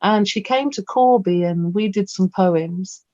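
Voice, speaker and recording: A woman's voice: mid-range voice, measured pace, dry recording. A woman, a featured poet talking through a Q&A in a chatty, rambling way. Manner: chatty, rambling, animated storyteller. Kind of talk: casual Q&A talk about performing poetry. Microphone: video call. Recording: dull lo-fi video call audio.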